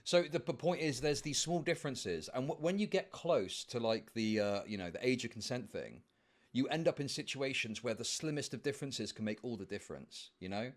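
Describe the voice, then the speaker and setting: A man in a played debate clip, making his case in a measured, hesitant way with restarts. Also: medium pitch, animated. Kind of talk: debate discussion.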